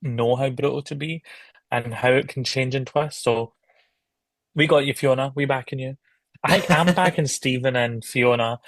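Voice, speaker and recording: A man's voice: mid-range voice, normal speed, dry recording. A man co-hosting a podcast, chatting casually and with enthusiasm. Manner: enthusiastic, gushing. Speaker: guest co-host. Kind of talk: casual chat.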